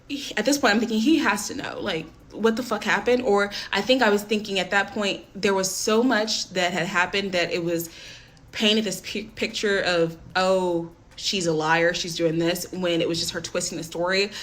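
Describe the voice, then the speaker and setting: A woman's voice: mid-range voice, fairly bright tone. A young woman telling a personal story in a casual, candid way, with frequent swearing and filler words.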